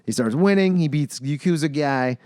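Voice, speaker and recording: A man's voice: a little high, normal speed, clean tone, dry recording. A man hosting a casual podcast, sarcastically retelling a film's plot and acting out the characters' lines. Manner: animated, mocking, acts out characters' lines. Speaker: podcast host. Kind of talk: casual movie-review chat.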